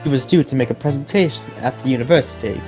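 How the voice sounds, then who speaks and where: A woman's voice: a bass voice, fast, mellow, faint music behind, poor audio. A woman voicing a police detective who interprets for a witness, relaying testimony in a matter-of-fact way in a casual fan reading. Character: dry male police detective acting as interpreter.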